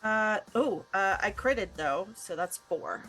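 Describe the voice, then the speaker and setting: A woman's voice: mid-range voice, lively intonation, slow pace, a bit bright, faint music behind. A woman playing a tabletop role-playing game who chats casually and laughs at her own moves. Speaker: player.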